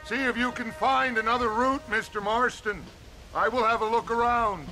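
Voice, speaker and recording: An actor playing a calm, stern wilderness guide who speaks curtly. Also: male voice, very high voice, moderate pace, faint music behind, low-quality recording. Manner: calm, curt.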